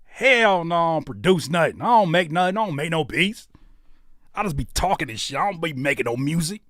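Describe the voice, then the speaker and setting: Male streamer, slightly high voice with a very lively swing, casual profane banter with chat. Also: a little fast, no echo, studio quality. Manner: animated joking banter, slangy and profane; reads out chat comments and teases viewers. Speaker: rapper and streamer reacting to viewer music.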